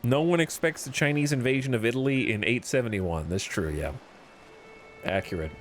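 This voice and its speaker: A man's voice: mid-range voice, a little fast, soft background music. A man streaming a strategy game, reading its event text aloud and adding wry asides. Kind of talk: casual gameplay commentary.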